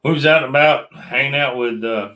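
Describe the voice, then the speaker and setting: A man with a drawl chats through a late-night livestream from a metal shop. His voice is bright and forceful, and he teases along in a relaxed, joking way. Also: medium pitch, a little fast. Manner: joking, drawling Southern talk. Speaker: livestream co-host.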